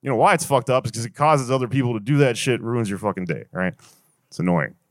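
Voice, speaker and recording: A man's voice: medium pitch, expressive, quick pace, no echo. A young man doing a stand-up comedy set, rambling and swearing through an exasperated rant on a handheld stage mic.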